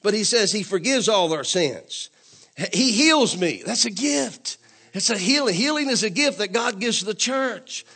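A man's voice: high voice, expressive, measured pace, slightly rough. A man preaching a sermon in a church, calling on the congregation to say amen and building to emphatic, repeated declarations. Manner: call-and-response preaching, asks congregation to say amen; repetitive, emphatic, rising to louder declarations.

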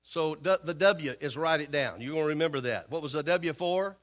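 A man's voice: fairly high pitch, brisk. A male pastor preaching a sermon, calling on the congregation to respond and repeating key phrases. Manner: animated, acts out voices of worried believers.

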